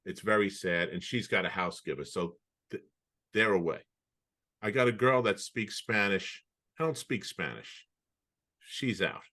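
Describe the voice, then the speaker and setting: A man co-hosting a podcast over a video call, telling anecdotes in an animated way with many restarts. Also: on the low side, a little slow, pauses often. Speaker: podcast co-host. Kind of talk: casual storytelling chat.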